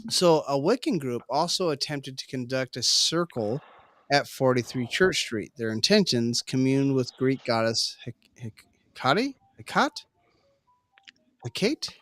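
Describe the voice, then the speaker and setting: A man's voice: mid-range voice, a little slow, a bit bright, dry recording. A man co-hosting a casual paranormal chat over drinks, reading notes aloud and laughing often. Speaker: podcast co-host.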